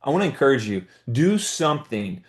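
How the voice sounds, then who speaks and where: A man in the middle of a motivational talk, his pitch sitting at an ordinary middle level. He drives his points home with urgent questions and short repeated phrases, and his voice carries a roomy echo. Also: sing-song, fairly quick. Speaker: motivational speaker to a business team.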